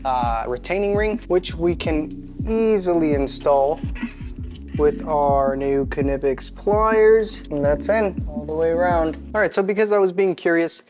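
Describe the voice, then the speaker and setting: A man's voice: a little high, a little slow, music in the background. A man narrating a step-by-step repair in a casual, chatty way while he works, often poking fun at himself. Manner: chatty, self-deprecating, talks to himself mid-task. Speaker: home mechanic channel host.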